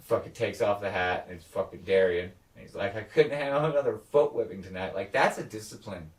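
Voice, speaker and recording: A man's voice: fairly low pitch, brisk, reverberant, distant mic. A man co-hosting a casual podcast chat, acting out characters' lines with lots of swearing. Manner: animated, acts out characters' lines, swears often. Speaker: podcast co-host. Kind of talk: casual chat recapping a TV episode.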